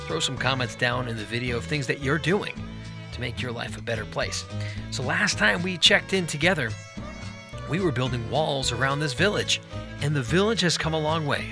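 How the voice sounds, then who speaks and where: A man's voice: medium pitch, gravelly. A man hosting a Let's Play, giving upbeat, chatty gameplay commentary and talking directly to viewers.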